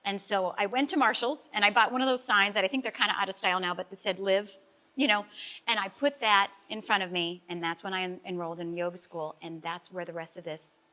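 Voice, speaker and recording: A woman's voice: medium pitch, fairly even intonation, a little fast, pushed and bright. A middle-aged woman, a life coach guest, telling an emotional personal story in a talk-show interview, earnest and heartfelt and close to tears at times.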